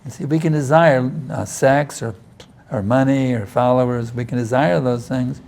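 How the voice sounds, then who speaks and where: A man's voice: medium pitch, steady tone, normal speed, creaky, a little mellow. A man giving a conversational scripture class, with many "you see" asides and restarts, sometimes pleading intensely as he acts out prayers. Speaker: spiritual teacher answering questions. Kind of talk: informal scripture class talk.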